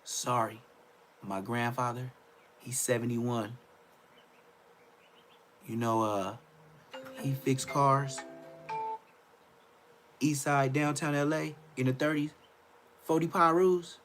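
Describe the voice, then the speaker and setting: A young man ranting on a livestream, loud and mocking, repeating phrases and stammering. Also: mid-range voice, fairly even intonation, slow pace, long pauses, soft background music. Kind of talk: trash-talking rant on a livestream.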